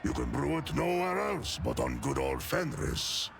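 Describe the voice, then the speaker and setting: A gravelly giant warrior. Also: male voice, wildly swooping pitch, full character voice. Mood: proud. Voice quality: gravelly, booming. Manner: slow, dramatic storytelling delivery with some shouted lines. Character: giant gruff male space-wolf warrior, proud. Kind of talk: video game voice acting. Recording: game audio with loud music.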